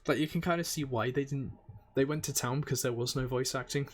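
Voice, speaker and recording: A man's voice: medium pitch, fast. A man streaming a game, chatting casually with crude jokes and heavy swearing.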